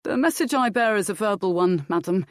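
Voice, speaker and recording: A woman's voice: mid-range voice, animated, brisk, no echo, clean studio sound, pitched above the performer's own voice, natural voice. A woman voicing a dutiful male guard captain who speaks formally and urgently, in an audiobook.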